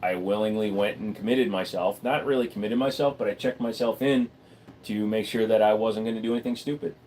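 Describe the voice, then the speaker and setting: A man hosting a casual livestream from a room at home, answering viewers' questions with blunt, deadpan, crude humor. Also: lowish voice, fairly quick, slight background noise. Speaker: livestream host. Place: room at home full of computer gear.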